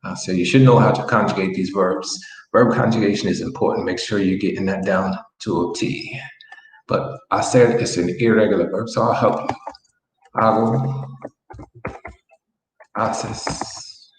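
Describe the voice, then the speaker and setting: A man teaching a Spanish lesson in a relaxed way, repeating example phrases slowly as he writes them out. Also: lowish voice. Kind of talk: online language lesson. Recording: echoey room with faint noise.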